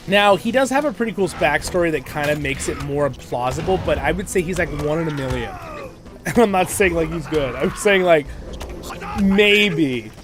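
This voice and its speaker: Chatty, rambling male gaming streamer. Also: a little high. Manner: rambling, filler-heavy, laughs often. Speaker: host of a gaming livestream. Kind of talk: casual livestream commentary.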